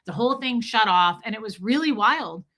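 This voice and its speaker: A woman hosts a casual livestream, talking straight to her viewers and answering their comments as they come in. Her voice is bright and forward. She speaks in a chatty, emotional way, often restarting her sentences. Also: on the high side, expressive, normal speed.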